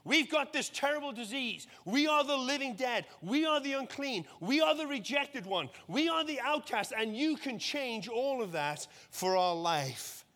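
A man's voice: very high-pitched, expressive, unhurried, hardly any pauses, sharp tone, exaggerated voice. A male preacher voicing desperate lepers begging for help during a sermon. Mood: pleading. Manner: pleading. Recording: long hall reverb.

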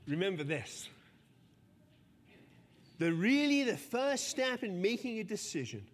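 Bright-voiced preacher in a reverberant hall. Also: male voice, a little high. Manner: lively storytelling, self-deprecating humor. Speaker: pastor. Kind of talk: sermon. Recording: long church-hall reverb.

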